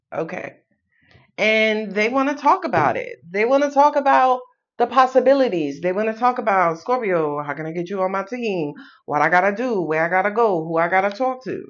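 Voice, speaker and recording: A woman's voice: mid-range voice, dull audio. Sassy New York woman reading tarot. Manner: sassy, playful, swearing, laughs often. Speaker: tarot reader.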